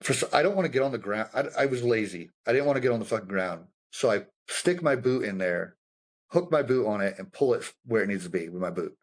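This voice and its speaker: A young adult man, a combat veteran guest, telling war stories in a loose, profane, animated way, acting out the people he quotes. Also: fairly low pitch, fast. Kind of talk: casual storytelling conversation.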